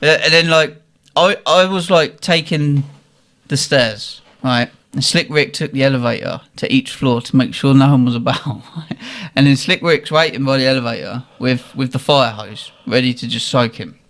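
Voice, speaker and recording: A young man with a medium-pitched voice tells a casual anecdote at a moderate pace, laughing often and acting out what people said in their voices.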